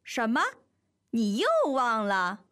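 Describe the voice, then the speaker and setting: A woman's voice: on the high side, slow, fairly bright tone, clean tone. A woman voicing an exasperated, scolding friend in a scripted lesson dialogue. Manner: scolding, incredulous.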